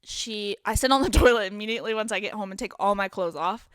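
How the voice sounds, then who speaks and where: A woman's voice: mid-range voice, quick pace, clean tone, dry recording. A woman in her twenties, co-hosting a podcast, animatedly retelling a night out and acting out her friends' lines. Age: 20s. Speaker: podcast co-host. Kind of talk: casual storytelling chat.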